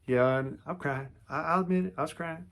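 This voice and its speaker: Man in his forties with a gravelly voice, talking to camera about his own life, rambling and lively. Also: a little high, fairly quick. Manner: rambling, lively, full of restarts and fillers. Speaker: vlogger telling a personal story. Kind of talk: casual storytelling to camera.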